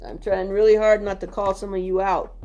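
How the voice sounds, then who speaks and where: A woman with a dark, mellow voice scolds her critics and will not back down. Faint music sits underneath. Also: medium pitch, level tone, a little fast. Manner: scolding, defiant. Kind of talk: heated livestream rant.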